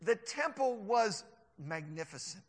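High bright-voiced preacher in a reverberant hall. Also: male voice, unhurried. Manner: animated, acts out scoffers in mocking voices. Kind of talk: sermon.

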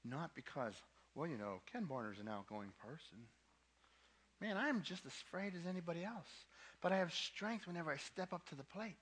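Guy preaching a sermon, bright higher voice, punchy, repeats each point twice. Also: very animated, brisk, husky. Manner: emphatic preaching with casual asides. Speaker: young adult ministry preacher.

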